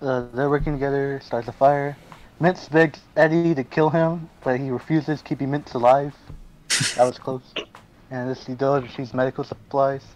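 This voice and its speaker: Excitable young man reading game results. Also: mid-range voice, moderate pace, lo-fi sound. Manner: excitable, laughing, swearing, shouting in surprise. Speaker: gaming video host. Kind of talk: reading out game events with a group.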